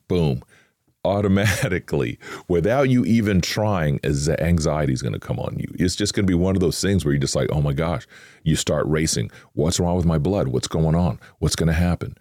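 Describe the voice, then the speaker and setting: Very deep-voiced man preaching casually. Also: a little mellow, dry recording, studio quality. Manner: earnest, conversational, with emphatic asides; acts out worried inner voices. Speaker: Christian podcast host. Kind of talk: informal devotional teaching.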